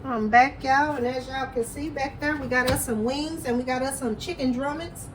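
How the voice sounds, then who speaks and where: A woman's voice: high voice, moderate pace, background noise. A woman chatting folksily to viewers while she prepares food in her home kitchen. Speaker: home cooking vlogger. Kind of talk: casual cooking chat to camera.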